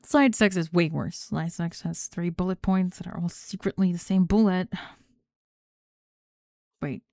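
A young woman acting a sharp-tongued, controlling student in a one-sided role-play monologue, sarcastic and exacting as she bosses her unheard partner. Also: on the low side, unhurried, creaky, no echo, clean studio sound. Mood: resigned. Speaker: student in a group project.

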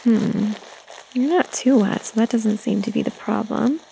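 Soft-spoken woman in mommy role-play, dark and creaky. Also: fairly high pitch, a little slow, a little hiss or hum. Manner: gentle, soothing, speaking to a toddler.

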